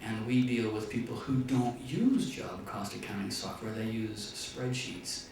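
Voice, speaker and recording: A man teaching a business class, telling stories and acting out dialogue in a high voice for the punchlines. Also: a little slow, gravelly, darkish tone. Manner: storytelling, acts out dialogue in a high voice. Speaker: business lecturer. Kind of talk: classroom business talk with anecdotes. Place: classroom or lecture hall. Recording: echoey room, far from the mic, faint noise.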